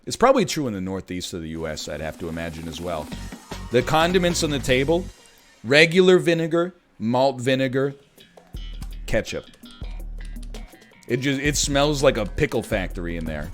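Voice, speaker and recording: A man in his thirties giving casual gameplay commentary, chatty and prone to sudden excited yelling. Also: medium pitch, moderate pace, pauses often, faint music behind. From Canada. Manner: animated, jumps from chatty riffing to excited yelling at the game. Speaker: gaming commentator.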